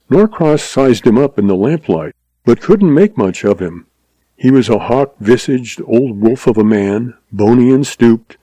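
A man narrating a western story in a steady, measured storytelling manner. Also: on the low side, no echo, rough recording.

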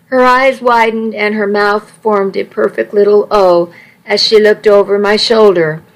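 Slow gravelly woman narrating a story. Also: mid-range voice, fairly even intonation, poor audio. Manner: wry, conversational first-person telling. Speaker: audiobook narrator. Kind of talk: first-person story narration.

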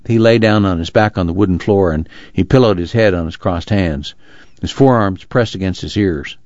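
A man narrating an audiobook in a measured, even reading. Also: low voice, dry recording, muffled recording.

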